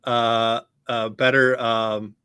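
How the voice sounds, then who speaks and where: A man co-hosting a podcast, speaking casually and haltingly with many pauses. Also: medium pitch, little pitch movement, bright, forceful tone, smooth, no room sound. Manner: hesitant, many ums and uhs. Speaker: podcast co-host. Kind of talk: casual chat.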